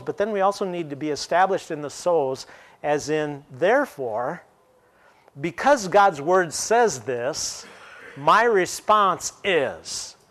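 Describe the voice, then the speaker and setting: A man pastor preaching a sermon in a conversational way, laughing now and then and slowing down to stress key words. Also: on the high side.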